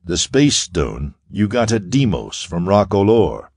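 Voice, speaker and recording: A man doing a smooth half-Martian villain in an audiobook, gloating with quiet, ironic menace. The voice sits very low and drawn-out, with a rich rise and fall. It is recorded close and dry. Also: very animated, no echo, full character voice. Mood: mocking. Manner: ironical, soft-spoken menace.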